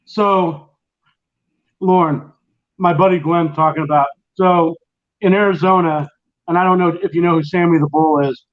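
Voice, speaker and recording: Brief: middle-aged male host, rambling animated storyteller, fairly high voice, slightly muffled lo-fi audio. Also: normal speed, long pauses. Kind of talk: casual late-night chat.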